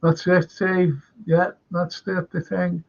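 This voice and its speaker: A man's voice: high voice, little pitch movement, takes it slowly, gravelly, muffled recording. A man with a Scouse accent hosting a live stream, chatting in a meandering way and reading out viewer comments. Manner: meandering, chatty, self-interrupting.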